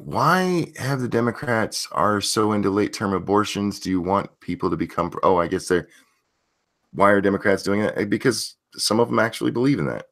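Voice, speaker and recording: A man with a very low, deep voice hosts a casual livestream, reading out chat messages. He talks bluntly and swears freely, with loose conversational rhythm. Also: brisk, a bit bright. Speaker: streamer host reading chat.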